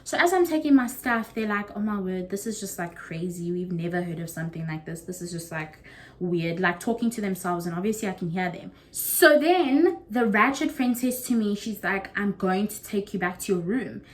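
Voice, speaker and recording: A young woman from South Africa with a South African accent, telling a story casually to camera and acting out what others said. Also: normal speed. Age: young adult. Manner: animated, acts out quotes with big pitch jumps. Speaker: YouTuber.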